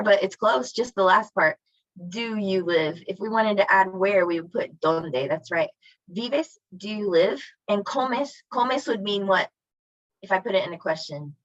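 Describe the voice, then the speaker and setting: A woman's voice: mid-range voice, moderate pace, dry recording. A woman teaching a Spanish class online, asking students questions and praising their answers. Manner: encouraging, asks students questions. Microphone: video call. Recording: dull lo-fi video call audio.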